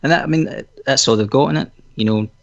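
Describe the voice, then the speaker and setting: Gravelly man on a dull line. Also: mid-range voice, fast talker. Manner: blunt, laughs a lot, says "you know" often. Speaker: guest. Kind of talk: casual live-stream chat.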